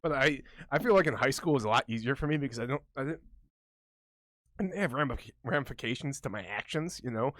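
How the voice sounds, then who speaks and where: A young man holds forth on a podcast in a loose, rambling way, peppering everything with swear words and getting loud when he gets going. His voice sits at an ordinary pitch and is recorded close and dry, with no room sound around it. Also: lively intonation, fast talker, dry recording. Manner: rambling, profane, boisterous. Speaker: podcast co-host. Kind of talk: casual podcast chat.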